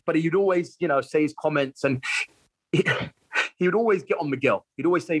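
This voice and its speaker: A man, a footballer guest telling lively anecdotes in a casual interview, laughing and repeating himself. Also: a little high, fast, slight background noise.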